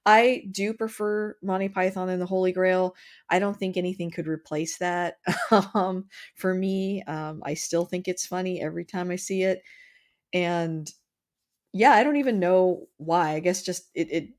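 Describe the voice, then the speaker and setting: A woman's voice: fairly low pitch, normal speed, a little mellow. A woman hosting a podcast, chatting casually about a film with frequent fillers and restarts. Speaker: podcast host. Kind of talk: casual chat.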